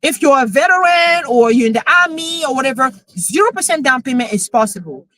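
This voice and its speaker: A woman, a real estate coach chatting emotionally on a live stream, excited as she talks. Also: sits high, a little fast, no room sound, rough recording. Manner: excited, emotional, switching into French.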